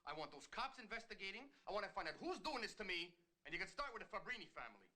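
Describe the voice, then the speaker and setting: A man's voice: high voice, sing-song, very fast, pushed and bright, full character voice. An actor playing a paranoid, foul-mouthed mafia boss in a wobbly fake Italian-American accent, crude and threatening as he barks orders. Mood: demanding. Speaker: film character in a movie clip.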